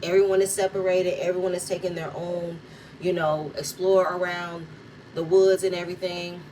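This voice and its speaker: A woman's voice: fairly low pitch, level tone, moderate pace, mellow. A woman, recapping a reality show in blunt, profane, heated commentary. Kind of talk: casual reaction commentary. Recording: distant mic with faint noise.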